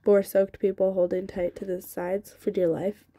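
Reading a novel aloud at a normal speed, this female audiobook narrator sounds soft and mellow in a mid-range voice, steady yet expressive. The sound is close-miked and dry, free of any room echo.

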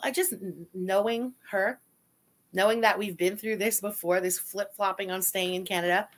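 A woman's voice: medium pitch, fairly even intonation, moderate pace. Woman co-host, casual stream chat, blunt and dismissive. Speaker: co-host reading super chats.

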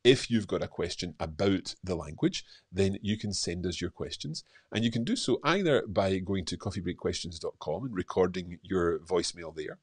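A middle-aged man hosting a live stream, talking in a relaxed, chatty way with lots of fillers while he reads out viewers' comments. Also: deep voice, moderate pace, few pauses, breathy edge, no room sound, clean studio sound. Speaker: host.

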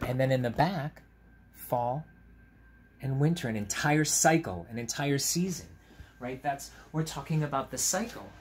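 A man, a teacher, reading a picture book aloud to children at home on camera, in a gentle, chatty way, stopping to point out the pictures. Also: mid-range voice, slight background noise.

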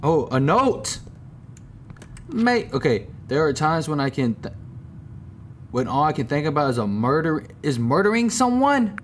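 A man narrates his horror game run in loose, slangy banter, shouting and swearing whenever something jumps out. His voice is slightly high and swoops all over. A faint hum of keyboard clicks sits behind him. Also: lively intonation, moderate pace. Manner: reactive, jumpy, swears and yells at scares. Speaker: gaming channel host. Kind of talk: horror game let's play commentary.

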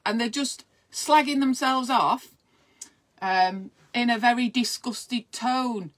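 A woman's voice: fairly high pitch, slow pace. A middle-aged woman, chatting casually and rambling on a live stream as a midwife host, encouraging her viewers.

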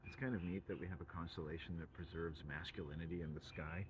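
A man's voice: sits low, steady tone, fast, background noise. A man from England, rambling through a profane, provocative monologue full of wordplay.

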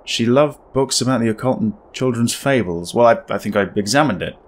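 A man's voice: mid-range voice, fairly quick. A man giving casual, wry commentary while playing a horror game, thinking aloud. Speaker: gaming video creator.

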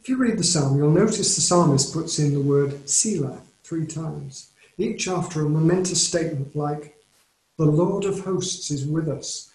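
An English man delivers a sermon with earnest, measured emphasis, his voice sitting a little high for a man. The room around him gives a noticeable echo. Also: a little mellow. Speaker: preacher. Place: church or home, recorded for online service. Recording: roomy echo.

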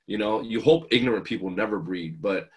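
There's a little hiss or hum behind this fairly low, darkish voice of a man in his thirties from New Jersey. Speaking fairly quickly as a guest, he recounts heartfelt, earnest family stories with emotion.

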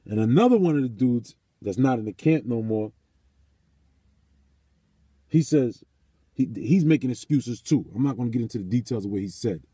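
A man with a husky, mellow voice tells a story in a vlog and drifts into preaching. He talks emphatically, swears freely and repeats his points. The sound is close and dry. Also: medium pitch, animated, normal speed, long pauses, dry recording. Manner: emphatic, profane, repeats phrases. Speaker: vlogger.

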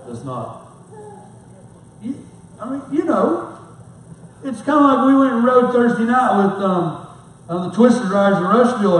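A middle-aged man preaching a sermon as a pastor, telling rambling, folksy stories with self-mocking humor. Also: sits high. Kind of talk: storytelling sermon. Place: church sanctuary. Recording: very echoey hall, mic far off.

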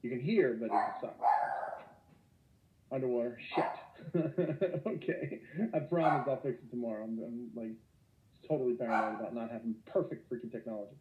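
A man teaching an online lecture, energetic and joking, with sudden exclamations. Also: medium pitch, normal speed. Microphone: computer mic. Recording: echoey, tinny phone-like online call.

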